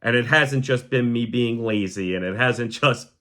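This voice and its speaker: A young man hosting a podcast, talking to camera in a heartfelt, halting way that sometimes sounds choked up. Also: mid-range voice, bright, forceful tone. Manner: repeats the word "gang" to the audience. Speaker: podcast host. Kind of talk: emotional personal monologue to camera.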